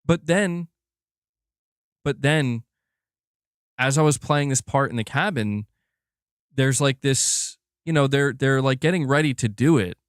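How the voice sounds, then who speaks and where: A man hosting a casual gaming livestream, excitedly going back over a game he played. He rambles, restarts often and swears freely, at an ordinary male pitch. The sound is close and dry, with no room echo. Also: normal speed, clear, resonant tone. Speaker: gaming channel host.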